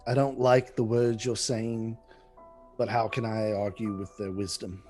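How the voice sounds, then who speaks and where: A man's voice: lowish voice, level tone, unhurried, a little mellow, soft background music, close to an everyday voice. A man voicing a determined young woman archer who speaks firmly. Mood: earnest. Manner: firm, resolute.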